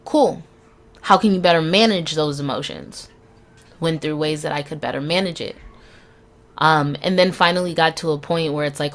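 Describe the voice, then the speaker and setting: A woman's voice: low-pitched, normal speed. A young woman hosting a solo podcast, speaking candidly and frankly, swearing freely and laughing between phrases. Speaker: podcast host.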